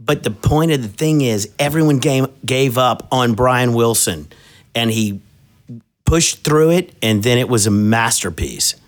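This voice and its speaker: A man's voice: mid-range voice, animated, a little slow. A man co-hosting a casual podcast, telling rambling, enthusiastic music stories. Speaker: podcast co-host. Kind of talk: casual chat.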